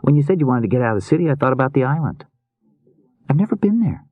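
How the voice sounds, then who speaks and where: A man's voice: mid-range voice, sing-song, quick pace, dry recording, phone-quality sound, voice pushed up. A male narrator voicing an eager, quirky young woman with a lifted, girlish tone. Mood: curious.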